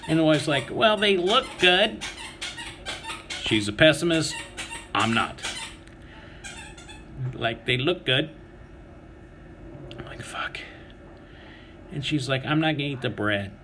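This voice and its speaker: A foul-mouthed man rants through an everyday story, sarcastic and crude, bursting into louder acted-out quotes. His voice sits at an ordinary pitch. Steady background noise runs under the recording. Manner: crude, sarcastic, swears constantly, acts out quotes in raised voice. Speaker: vlogger. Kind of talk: profane comic storytelling rant.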